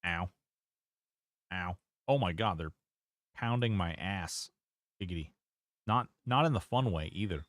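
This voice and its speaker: A man's voice: low-pitched, animated, a little slow, pauses often, a bit bright, no room sound, clean studio sound. A man streaming a game, chatting casually, reading chat aloud and swearing now and then. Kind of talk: casual gameplay commentary.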